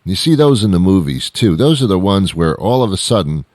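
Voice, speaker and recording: Man, comedic host, very low voice, lively pitch swings, rambling exasperated rant. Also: brisk, no echo, clean studio sound. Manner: rambling, exasperated ranting with restarts. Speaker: radio show host. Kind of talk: comedic monologue.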